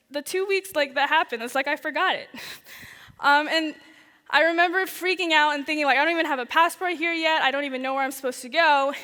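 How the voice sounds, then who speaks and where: A young woman tells her own story at a chapel service, animated and laughing often as she acts out her past thoughts. Her voice sits high and sounds bright. The sound rings with the long reverb of a big hall. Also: brisk. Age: young adult. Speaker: student chapel speaker. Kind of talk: personal testimony talk. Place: large chapel.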